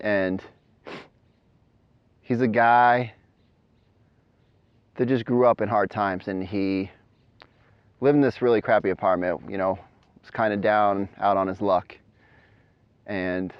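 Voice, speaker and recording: A man's voice: fairly low pitch, no room sound, dull audio. A man coaching through a story, talking animatedly while running up a mountain trail outdoors. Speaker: motivational coach. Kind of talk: energetic storytelling vlog.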